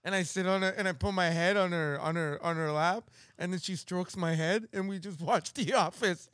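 A man's voice: high-pitched, moderate pace, a bit bright, clear, resonant tone, no echo, clean studio sound. A man co-hosting a podcast in casual chat, joking bluntly and laughing often. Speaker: podcast co-host.

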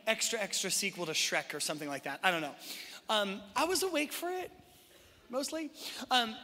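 A man with a high, very bright voice preaching to his congregation. He talks in a loose, conversational way, full of quick asides. His voice rings through a large church hall with a long reverb. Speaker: pastor. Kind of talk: sermon. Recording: live sermon in a reverberant hall.

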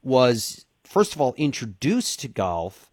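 A man hosts an interview, his voice mid-pitched and dry, close to the mic in a dead room. He strings his questions together at length, eager and rambling. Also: very animated, slow pace, a little mellow, dry recording. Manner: enthusiastic, long winding questions. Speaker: interview host. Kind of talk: interview podcast.

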